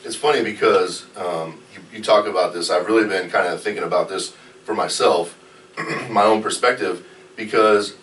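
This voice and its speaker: Low-voiced man in casual chat, echoey. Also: moderate pace. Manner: animated, swears, mimics others. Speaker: podcast co-host. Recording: roomy echo, distant mic, faint hiss.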